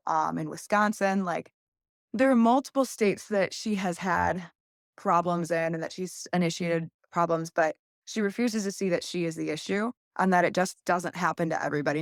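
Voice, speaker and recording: A woman's voice: lowish voice, normal speed, creaky, dry recording, clean studio sound. A young adult woman, a podcast guest, telling a long story candidly in a casual interview and acting out quoted voices.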